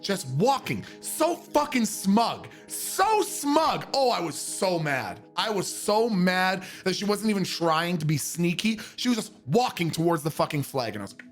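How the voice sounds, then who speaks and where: A man casually telling a story as a streamer, animated and profane, sometimes bursting into shouts. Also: high-pitched, unhurried, few pauses, faint music behind.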